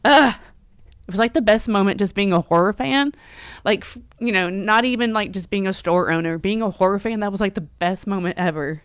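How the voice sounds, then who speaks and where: A woman's voice: medium pitch, a little fast, smooth, dry recording. A middle-aged woman, hosting a casual live stream, chatty, emotional, and close to tears as she laughs. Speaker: livestream host and horror store owner.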